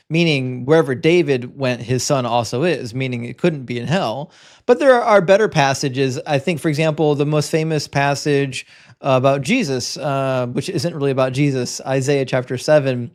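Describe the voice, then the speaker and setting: A man hosting a live debate stream, with a voice pitched a little high. He talks bluntly and lectures his callers, often restarting his sentences with quick stammers. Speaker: debate show host. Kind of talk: live-stream debate and reading super chats.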